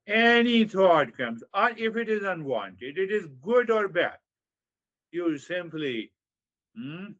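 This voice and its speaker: A man teaching meditation at an unhurried, measured pace, repeating short phrases and stretching out words before rising sharply for emphasis. His voice sits in an ordinary middle register. The recording sounds dull and a little muffled. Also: high voice, sing-song, fairly bright tone. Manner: slow and repetitive, with drawn-out phrases and sudden emphatic rises. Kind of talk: spiritual talk.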